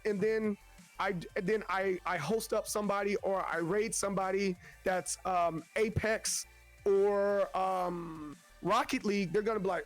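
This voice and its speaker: Guest streamer, male, high register, rambling delivery, from Tennessee. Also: fairly even intonation, moderate pace, faint music behind. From Tennessee, USA. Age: adult with children. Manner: rambling, frequent restarts, acts out quotes. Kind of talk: casual interview talk.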